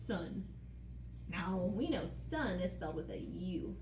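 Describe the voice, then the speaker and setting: A woman teaching young children phonics, sounding out words slowly in a playful, sing-song way. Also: mid-range voice, sing-song, mellow, echoey room, slight background noise.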